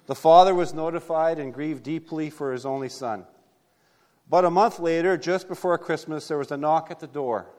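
A man's voice: on the high side, long reverb tail. A man preaching a sermon, telling a story earnestly and reading scripture aloud. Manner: earnest, steady storytelling with small restarts. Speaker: pastor.

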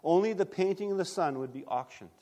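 A man voicing a persistent, formal auctioneer in a sermon story, announcing in a measured way. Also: sits high, lively intonation, mellow, in a large hall, voice pushed up.

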